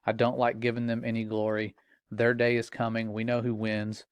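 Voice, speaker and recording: A man's voice: lowish voice, monotone, normal speed, clean tone, no room sound. Earnest middle-aged man warning listeners. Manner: earnest, grave, vigilant. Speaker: Christian commentator. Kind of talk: warning commentary.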